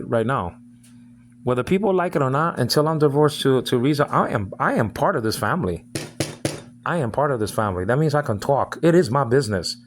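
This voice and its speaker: A man's voice: medium pitch, slight background noise. A man from the United States delivering an angry, rambling video message, repeating himself and stumbling over his words. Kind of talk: angry direct-address monologue.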